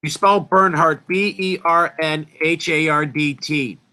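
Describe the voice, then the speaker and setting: A man's voice: a little high, steady tone, unhurried, sharp tone, smooth. A man presenting an informal lecture, talking in an emphatic, rambling way and interrupting himself often.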